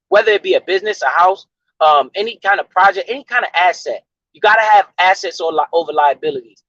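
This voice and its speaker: A man's voice: sits high, pushed and bright, dry recording. A man hosting a livestream, giving a profane, emphatic and preachy casual rant to his viewers. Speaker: livestream host. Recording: dull lo-fi stream audio.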